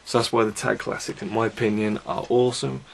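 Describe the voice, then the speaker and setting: A man's voice: on the low side, steady tone, quick pace, creaky, husky. A young man giving a casual, chatty review of wrestling DVDs, enthusiastic and full of fillers. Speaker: DVD reviewer.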